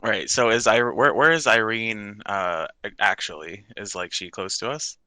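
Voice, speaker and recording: A man's voice: on the low side, unhurried, bright, forceful tone, smooth, no echo. A man playing a tabletop game, thinking aloud with hesitant restarts. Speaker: player.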